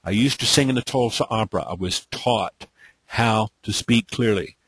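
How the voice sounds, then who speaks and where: A man's voice: lowish voice, moderate pace, husky, no echo. A middle-aged man from Texas with a light Texas accent hosts a live training webinar, talking in a drawling, repetitive way and often asking "okay?". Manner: repetitive, drawling, many "okay?" check-ins. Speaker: webinar host.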